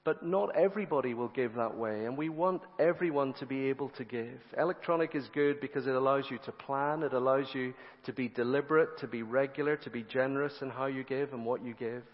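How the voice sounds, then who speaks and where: A man's voice: mid-range voice, brisk, few pauses. A male preacher giving a sermon in a church, speaking earnestly, repeating phrases and asking the congregation rhetorical questions. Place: church sanctuary. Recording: reverberant church hall, slightly dull sound.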